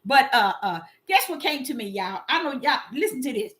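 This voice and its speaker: A woman giving animated, preachy casual commentary to her viewers, often repeating words and using fillers. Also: sits high, brisk.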